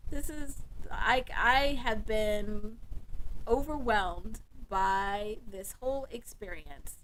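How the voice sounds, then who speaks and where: Slow chatty woman on a livestream, bright voice, laughs a lot with her viewers. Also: medium pitch, a little hiss or hum. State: emotional, close to tears. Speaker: livestream host. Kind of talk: casual live chat with viewers.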